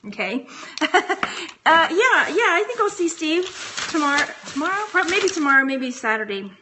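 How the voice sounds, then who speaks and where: A woman's voice: high voice, big pitch swings, normal speed, noisy background. A woman from Texas chatting casually on a phone livestream, giggly and rambling as she talks to viewers. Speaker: reseller vlogger.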